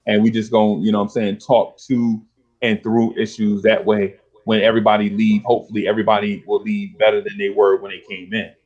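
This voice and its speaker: A middle-aged podcast host with a lowish voice tells street stories at a brisk pace, chatting casually in streetwise slang. He animates his storytelling by acting out old friends' dialogue, recorded in lo-fi sound.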